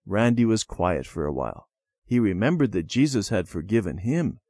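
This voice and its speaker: A man reading a children's storybook aloud with gentle, expressive storytelling. His pitch moves a great deal, and the recording is dry and close. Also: normal speed, no room sound. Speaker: narrator.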